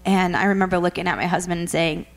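A woman earnestly retelling a personal ordeal as a guest, speaking with faith and frequent pauses. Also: lowish voice, steady tone. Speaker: guest storyteller. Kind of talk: personal testimony. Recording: noisy recording.

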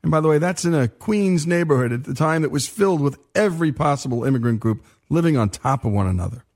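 Guy hosting, reading his script, calm and explaining, kinda higher voice. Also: quick pace. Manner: steady, explanatory storytelling. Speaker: radio show host. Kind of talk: scripted narration.

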